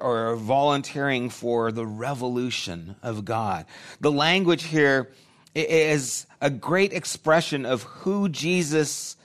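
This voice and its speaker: A man's voice: mid-range voice, a bit bright. A man preaching a sermon, talking in a conversational way and thinking aloud with restarts. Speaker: pastor.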